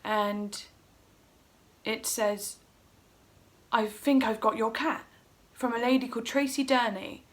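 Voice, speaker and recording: A woman's voice: a little high, fairly even intonation, takes it slowly, long pauses. A middle-aged woman at home, telling a personal story in a casual, emotional, rambling way and acting out her own quotes. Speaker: vlogger.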